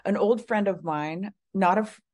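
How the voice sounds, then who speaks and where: Speaking at a moderate pace with a medium-pitched, darkish voice, a middle-aged woman shares a personal story as an interview show guest. She is a psychic medium, and her telling is casual, packed with fillers and rambling side comments.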